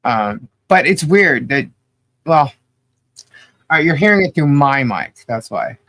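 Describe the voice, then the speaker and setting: A man with a fairly high voice and a slow, unhurried delivery chats casually as a livestream host. He rattles off viewers' names in an upbeat way. His voice is a little stuffy and nasal from allergies. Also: animated, a bit bright, dry recording.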